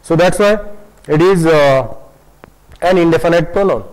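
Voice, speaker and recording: A man gives an online grammar lesson in a fairly high voice. He talks in a halting way, full of "uh" and restarts, and slows down to stress key terms. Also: darkish tone, poor audio. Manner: hesitant, many fillers and restarts, switches into Hindi to explain. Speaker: English grammar teacher.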